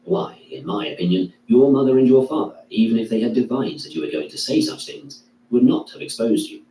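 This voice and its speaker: Male reader, dark tone, measured declaiming delivery of a classical text; roomy, echoey recording. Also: lowish voice, lively intonation. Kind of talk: reading a classical philosophy text aloud. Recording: echoey room, distant mic, faint hum.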